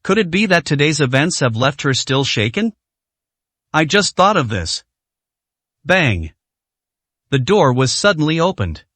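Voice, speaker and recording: A man narrating a translated web novel story, reading every character's lines in the same steady narrating voice. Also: fairly high pitch, unhurried, pauses often, no echo.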